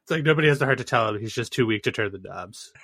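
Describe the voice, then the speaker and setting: A man's voice: mid-range voice, animated, rapid-fire, pushed and bright, dry recording. A man hosting a casual political comedy podcast, teasing and wry, with stumbling restarts. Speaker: podcast host. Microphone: remote call recording.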